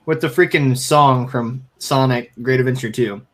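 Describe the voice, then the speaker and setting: A man in his twenties chatting casually in a joking, excitable way. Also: medium pitch, normal speed. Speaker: watch party co-host. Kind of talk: casual chat.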